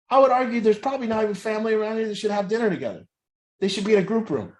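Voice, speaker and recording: A man's voice: high-pitched, expressive, very fast. A man who works as an addiction recovery coach, talking bluntly and intensely about truth in families and swearing often. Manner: profane, intense, preachy. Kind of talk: blunt motivational talk.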